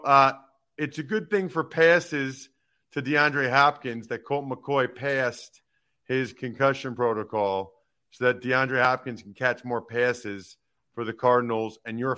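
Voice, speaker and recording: A man hosting a sports talk show, giving emphatic, animated opinions on football news and teasing his co-host. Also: mid-range voice, measured pace.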